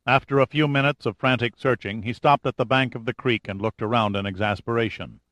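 A man narrating an audiobook thriller in a steady, measured voice. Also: mid-range voice, no echo. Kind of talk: scripted narration.

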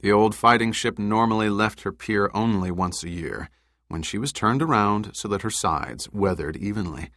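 A man narrates a thriller audiobook in a measured, even storytelling delivery. His voice sits low. The recording is close and dry, with no room sound around it. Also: no echo. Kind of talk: scripted narration.

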